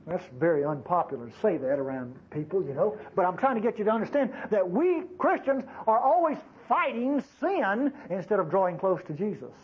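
A man's voice: sits high, lively intonation, a little fast, hardly any pauses, breathy edge, lo-fi sound. A man preaching a sermon to his congregation in a folksy, conversational way, with frequent asides to the listeners. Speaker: pastor.

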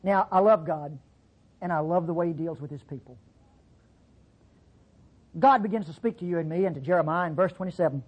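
Husky folksy Bible teacher. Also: fast talker, pauses often, poor audio. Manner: folksy, conversational, acts out quotes with big pitch jumps. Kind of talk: sermon-style Bible class teaching.

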